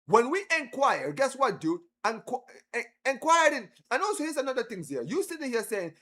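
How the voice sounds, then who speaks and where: A man's voice: high voice, sing-song, fairly quick, hardly any pauses, fairly bright tone. A man hosting a live football stream, heckling and trash-talking viewers in chat.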